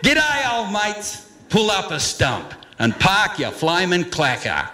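A man's voice: high voice, big pitch swings, slow, pushed and bright. A man with an Australian accent reciting comic slang verse in a rollicking, theatrical way.

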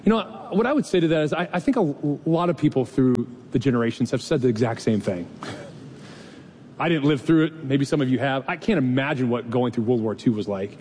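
Guy preaching, chatty sermon style, lots of reverb in the church, faint rumble. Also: expressive, brisk, a little mellow. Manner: conversational preaching with rhetorical questions and light laughs. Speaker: pastor. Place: church sanctuary.

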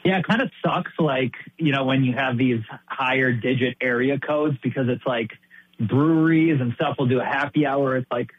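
Husky male caller on a tinny phone line. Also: medium pitch, moderate pace. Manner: laid-back, joking. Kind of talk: casual call-in chat.

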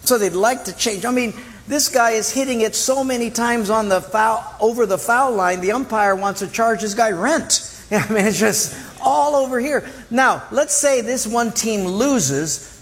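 A man's voice: very high voice, unhurried. A man preaching a sermon in a church, telling illustrative stories and acting out the voices of the people in them. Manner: animated storytelling, acts out voices. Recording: long hall reverb.

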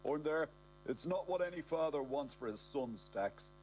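A man's voice: fairly high pitch, lively intonation, moderate pace, darkish tone, a little hiss or hum, poor audio. A man with a South Dublin accent narrating a comic audiobook, cocky and self-mocking.

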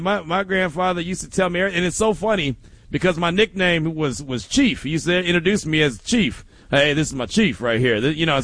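A man's voice: high voice, dry recording. A man hosting a daily sports talk show, telling stories casually with frequent laughs. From Oakland. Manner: animated storytelling with frequent laughs.

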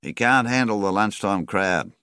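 A man's voice: lowish voice, animated, a little slow, pushed and bright, smooth, no room sound, clean studio sound, voice pushed up, heavily acted. A man reading an audiobook voices an easygoing, wry male barman.

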